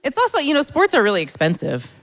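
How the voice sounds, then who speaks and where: A woman's voice: sits high, huge pitch swings. A middle-aged woman performing self-deprecating stand-up comedy on a church hall stage, chatty and conversational. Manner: self-deprecating, conversational, pausing for audience laughs. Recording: long hall reverb.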